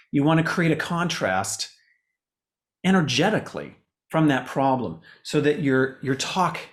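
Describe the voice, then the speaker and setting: A man gives an online talk as a communication coach, speaking over a video call. His voice sits somewhat high for a man. He delivers it animatedly, pushing his pitch up and down for emphasis. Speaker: communication coach presenting to a meetup.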